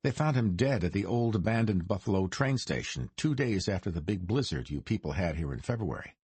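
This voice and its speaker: A man's voice: low voice, lively intonation, darkish tone, dry recording, exaggerated voice. A man voicing a suave, ironic mob heir. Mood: measured. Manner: smooth, dryly ironic, deliberate. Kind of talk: audiobook character reading.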